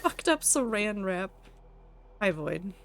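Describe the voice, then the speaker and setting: A woman's voice: mid-range voice, big pitch swings, slow, fairly bright tone, a little hiss or hum. A young woman streaming a game from home, chatting casually with her chat in a rambling way, laughing at herself. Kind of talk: casual chat reading live chat while gaming.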